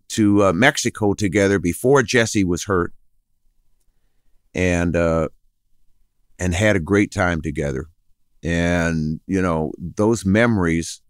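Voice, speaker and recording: An older man who speaks slowly and unhurriedly in a lowish, smooth voice. He rambles through his stories with halting restarts and briefly mimics the people he quotes. The sound is close and dry. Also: fairly bright tone, dry recording. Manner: acts out others' voices in quotes. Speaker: guest. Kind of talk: interview storytelling.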